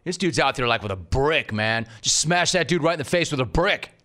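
A man's voice: mid-range voice, fairly quick. Guy hosting sports talk radio, all over the place, ribbing his producer. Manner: animated, riffing, mock-scolding a producer. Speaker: radio show host.

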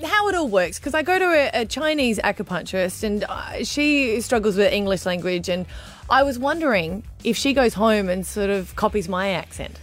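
Lively Australian woman radio host. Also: mid-range voice, moderate pace. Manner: chatty, enthusiastic. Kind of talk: radio talk show banter.

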